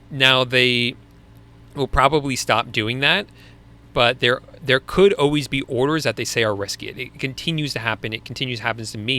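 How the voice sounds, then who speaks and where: A man's voice: medium pitch, pushed and bright. Man, young adult, Long Island accent, casual livestream host, chatty, clean resonant voice. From Long Island, New York. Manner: chatty, laughs easily, restarts often. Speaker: livestream host answering viewer questions. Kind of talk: casual live Q&A.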